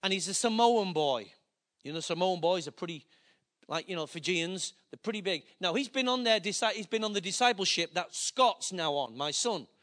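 A man's voice: high voice, moderate pace. A man preaching, telling a story with acted-out dialogue and plain emotion. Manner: animated, acts out dialogue, gets emotional. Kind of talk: sermon storytelling.

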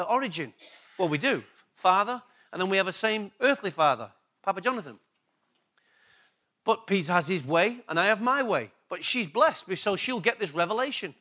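Preaching in an English accent, this pastor has a voice that sits high and sounds pushed and bright. He drives points home by repeating key words and puts questions to the congregation.

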